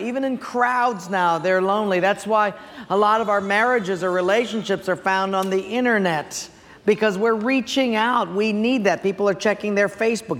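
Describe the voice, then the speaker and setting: High-voiced preacher in a reverberant hall. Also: male voice. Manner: animated storytelling, audience questions. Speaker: pastor. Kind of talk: sermon. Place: church sanctuary. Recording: long church reverb.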